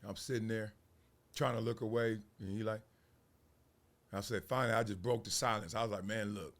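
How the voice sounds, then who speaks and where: Speaking fairly quickly in a lowish voice, a host from Los Angeles relates a tale in casual street talk. He brings it to life by acting out each scene, punctuated with laughter.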